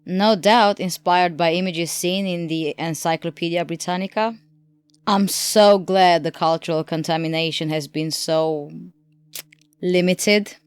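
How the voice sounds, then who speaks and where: A skeptical female Time Lord speaks in a smooth, crisp voice with a dry edge of sarcasm, as a man narrating an audiobook puts her on. Her lines sound close and dry, pitched well above the narrator's usual voice. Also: a little slow, no echo. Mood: sarcastic.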